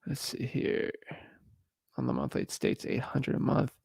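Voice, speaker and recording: Young male wholesaler, gravelly, dry mic, casual thinking aloud. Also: mid-range voice, wildly swooping pitch, moderate pace, a little mellow, no echo. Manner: thinks aloud with fillers, upbeat on the phone. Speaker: real estate wholesaler cold calling. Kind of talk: casual live commentary and cold call.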